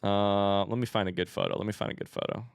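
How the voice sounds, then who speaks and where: A man in his thirties chatting casually with his live-stream audience in an animated way. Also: lowish voice, fast talker, creaky, clean tone, no room sound, studio quality. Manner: chatty and animated, baby-talks his dogs.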